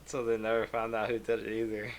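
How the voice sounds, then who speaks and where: A man's voice: fairly low pitch, completely flat delivery, fast talker. A man co-hosting a podcast, chatting casually with short, dry, laid-back replies. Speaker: podcast co-host. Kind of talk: casual chat.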